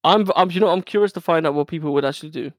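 A man co-hosting a podcast in casual chat, teasing and animated. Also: fairly high pitch, racing, no echo, clean studio sound. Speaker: podcast co-host.

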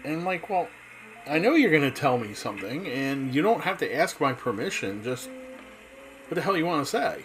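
A man's voice: a little high, very animated, moderate pace, fairly bright tone, soft background music, rough recording. A man talking casually in a rambling monologue, chatty and full of restarts.

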